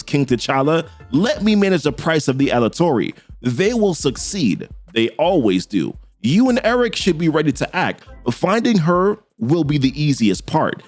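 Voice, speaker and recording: A man voicing a secretive, imperious sorceress who gives commanding, dismissive orders. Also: fairly high pitch.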